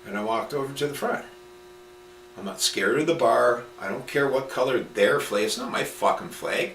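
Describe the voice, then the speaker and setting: A man's voice: mid-range voice, normal speed, a bit bright. A man ranting casually and with emphasis, swearing often and restarting his sentences as he rambles. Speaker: speaker on common law. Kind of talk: casual rant. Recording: roomy, distant mic with mains hum.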